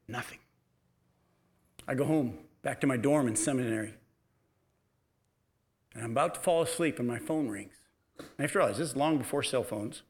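A middle-aged pastor preaching a sermon, telling a personal story and swinging from quiet asides to loud, emphatic exhortation. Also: male voice, medium pitch, normal speed, pauses often.

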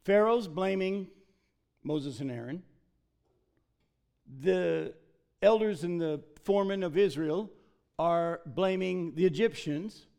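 A man delivers a sermon in a fairly high voice. His delivery is emphatic and animated, and he slips into voicing the figures he quotes. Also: slow pace, creaky, long pauses, clean tone. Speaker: pastor.

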